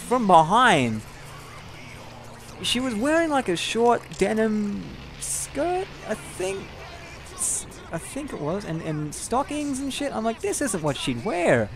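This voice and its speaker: A man's voice: high-pitched, big pitch swings, unhurried, slight background noise. A young man telling a long, rambling personal story over gameplay, candid and casual with frequent swearing. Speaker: gameplay commentator.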